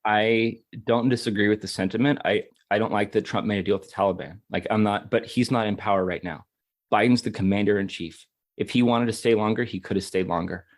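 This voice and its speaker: A man's voice: fairly low pitch, steady tone, a little fast. A man co-hosting a podcast, emphatic and frustrated, emotional and stumbling over repeated words as he argues politics. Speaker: podcast co-host. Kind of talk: heated political discussion.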